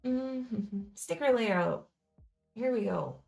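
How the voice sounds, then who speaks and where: Slow, gravelly-voiced woman streaming. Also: fairly high pitch, a little mellow, soft background music. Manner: chatty, thinking aloud, little laughs. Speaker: board game streamer. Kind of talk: live-stream unboxing chat.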